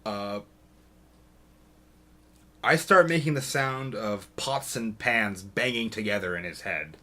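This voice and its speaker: A man playing a tabletop game, speaking in a hesitant, halting way. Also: lowish voice, sharp tone. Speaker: player. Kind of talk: casual tabletop play.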